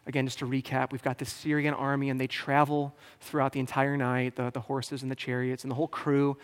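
A man's voice: medium pitch, monotone, fairly quick. A male pastor preaching a sermon in a casual, joking, conversational way. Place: church sanctuary. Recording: long hall reverb.

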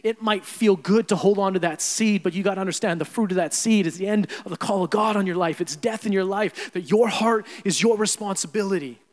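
A young adult man preaching a sermon as pastor, animated, swinging between loud emphasis and quiet asides. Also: high-pitched, a little fast, few pauses. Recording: long hall reverb.

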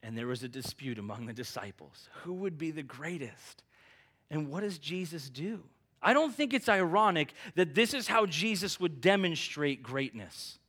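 Earnest preacher with a higher male voice. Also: lively intonation, normal speed, fairly bright tone, breathy edge. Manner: earnest, emphatic, conversational preaching. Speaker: pastor. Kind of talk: sermon.

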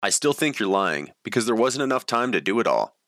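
A man's voice: lowish voice, big pitch swings, brisk, a bit bright, no echo, clean studio sound. A man voicing a sarcastic, taunting young college guy.

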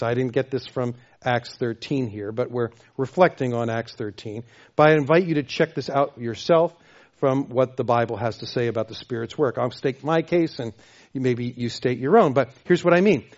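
A man preaching a sermon as pastor, emphatic, repeating phrases and swinging between loud and soft. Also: mid-range voice, muffled recording. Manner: emphatic, repeats phrases, varies loudness widely.

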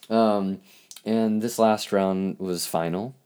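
A man hosting a podcast, speaking in a halting, reflective monologue with lots of restarts, and openly emotional. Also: lowish voice, animated, darkish tone. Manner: halting, searching for words, emotional. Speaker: podcast host.

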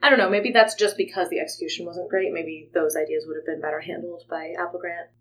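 A woman's voice: fairly low pitch, fairly even intonation, fast talker, a little hiss or hum. Giggly woman co-hosting a podcast. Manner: giggly, reads listener comments aloud. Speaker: podcast co-host. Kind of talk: casual chat.

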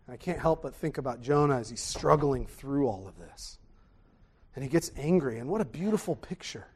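A man preaching a sermon, animated, swinging from loud exclamations to hushed tones. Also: mid-range voice, normal speed, slightly rough.

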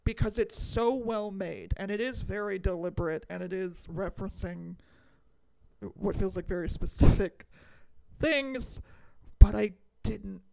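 A woman's voice: medium pitch, unhurried, vocal fry. A woman co-hosting a podcast, chatting enthusiastically and casually. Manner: enthusiastic, lively, trails off and restarts. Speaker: podcast co-host.

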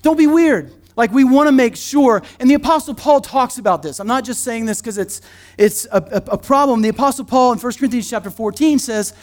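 A middle-aged man, a pastor, preaching a sermon in a church in a conversational, joking way with quick asides. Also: extremely high pitch, animated. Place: church sanctuary.

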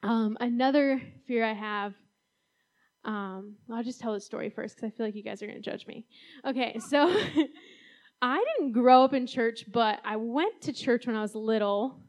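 A woman's voice: a little high, normal speed. A young adult woman giving a casual, talk-style sermon as a youth speaker, chatty and full of "like"s, often laughing.

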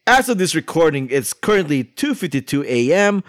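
A man's voice: on the high side, very animated, brisk, soft background music. A man hosting a podcast in casual chat, rambling with lots of fillers. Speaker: podcast host.

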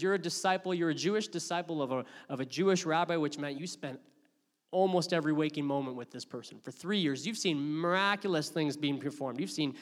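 A man preaching a sermon, telling a story with dramatic swings between loud outbursts and hushed asides. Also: on the high side, in a large hall. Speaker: pastor.

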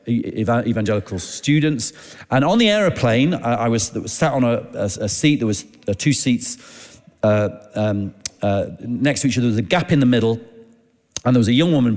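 A man preaching, telling a personal story in a chatty, halting way and acting out the dialogue. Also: medium pitch, darkish tone. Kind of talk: anecdotal sermon storytelling. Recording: long hall reverb.

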